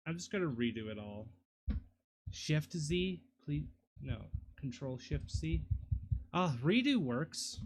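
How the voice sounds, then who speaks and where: Slow-talking man streaming at his desk. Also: fairly high pitch, very animated, slight background noise. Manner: mutters to himself, apologetic and self-deprecating. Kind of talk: casual live-stream commentary while 3D modeling.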